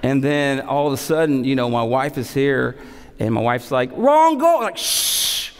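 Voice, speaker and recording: A pastor in his thirties preaches a sermon in a church sanctuary, his mid-range voice moving at a normal speed. He is animated, weaving humorous stories together and repeating key phrases for emphasis. Long hall reverb fills the recording.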